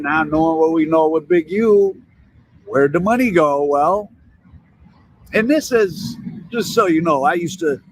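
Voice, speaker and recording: A man's voice: on the high side, fairly bright tone, a little hiss or hum, low-quality recording. A man commenting casually, retelling stories with asides and hedges.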